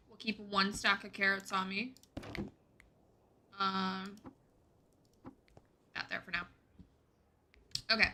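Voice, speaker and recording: A woman's voice: mid-range voice, noisy background. A woman streaming a game, chatting casually and answering her chat as she plays. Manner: chatty, reads and answers chat while playing. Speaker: gaming streamer.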